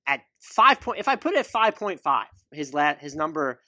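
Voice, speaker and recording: A man's voice: on the high side, sing-song, normal speed, bright, forceful tone, no echo, studio quality. A man in his thirties hosting a casual sports talk show, questioning his guest and reeling off stats. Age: 30s. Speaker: podcast host.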